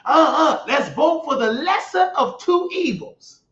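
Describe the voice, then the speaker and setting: A man imitating his elderly grandmother, pleading in a high, tearful voice. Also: expressive, unhurried, a bit bright, heavily acted. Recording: echoey, dull lo-fi room sound.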